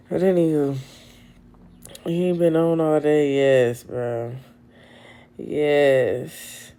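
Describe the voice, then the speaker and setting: A young woman chatting to her viewers on a phone livestream, blunt and freely profane. Her voice is gravelly with a dark, mellow tone, and she takes her time between words. Her speaking voice sits on the low side. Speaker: livestream host. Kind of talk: casual livestream chat. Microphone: phone camera.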